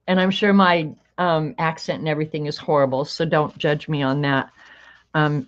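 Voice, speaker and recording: A woman's voice: sits low, fairly even intonation, normal speed. A woman hosting a craft video, telling rambling stories and laughing often. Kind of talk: chatty storytelling while coloring. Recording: dull lo-fi recording.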